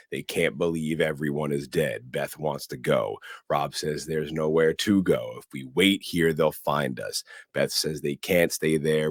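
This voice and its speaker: A podcast co-host with an extremely deep voice recaps a movie in a casual, animated way, tossing in sound effects for flavor. The recording is dry and close-miked, with no room sound or echo.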